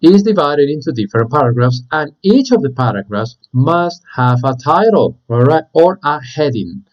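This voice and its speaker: A man teaching an online English class, explaining slowly and repeating words, adding "okay?" as he goes. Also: fairly high pitch, sing-song, muffled recording.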